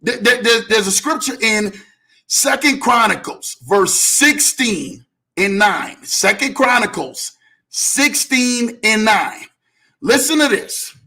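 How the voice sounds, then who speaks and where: A man hosting a motivational faith talk, preaching with repeated lines and frequent shouting. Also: high voice, animated, slow pace. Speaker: host.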